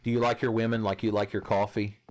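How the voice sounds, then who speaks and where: A man's voice: fairly low pitch, flat delivery, fast. A young man casually commenting on a video game as he plays, swearing and joking with his chat and laughing often. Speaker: streamer.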